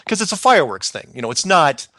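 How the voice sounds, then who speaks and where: A middle-aged man casually telling a story from his past, animated and acting out other people's lines. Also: a little high, fast, no echo. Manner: animated, acts out quoted voices, laughs often.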